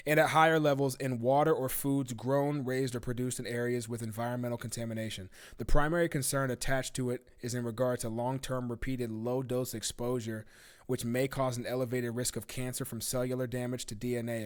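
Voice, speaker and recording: A man's voice: medium pitch, fairly even intonation, fairly quick, clear, resonant tone. A man hosting a live-stream talk show, ranting casually with profanity and disbelief. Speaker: livestream talk show host.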